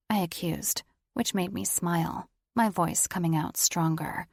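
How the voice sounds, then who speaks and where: A woman narrating a first-person romance audiobook in plain, even storytelling. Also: on the low side, unhurried, creaky, husky, no room sound, studio quality.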